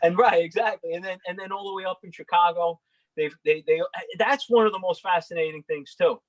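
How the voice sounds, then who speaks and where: A man's voice: sits high, a little fast, no room sound, poor audio. A man on a livestream panel, chatting in a rambling way and often restarting his sentences. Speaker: panel guest. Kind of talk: casual panel chat.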